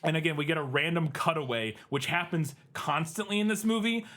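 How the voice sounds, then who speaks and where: A man's voice: a little high, brisk, over loud music. A man co-hosting a podcast, chatting casually about a bad film, laughing often and sounding exasperated. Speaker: podcast co-host. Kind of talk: casual movie review chat.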